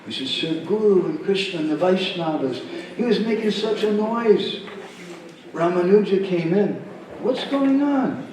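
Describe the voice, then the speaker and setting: Devotional storyteller, male, acts out characters, dark tone, distant in a roomy hall. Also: high voice, moderate pace, slight background noise. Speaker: speaker at a devotional camp. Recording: echoey hall, speaker far from mic.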